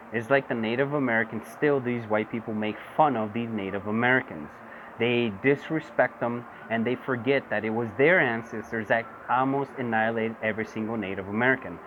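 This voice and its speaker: Impassioned man on a tinny phone recording. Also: mid-range voice. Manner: impassioned, repetitive, switches between English and Spanish. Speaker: vlogger. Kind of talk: political monologue. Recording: tinny phone-quality audio with buzzing insect noise.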